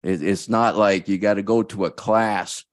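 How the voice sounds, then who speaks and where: A man in his seventies speaks off the cuff at a board meeting, halting and searching for words as he goes. His voice is very low, and the sound is dry and close. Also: fairly even intonation, no echo. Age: 70s. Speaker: school board member. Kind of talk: unprepared remarks at a board meeting.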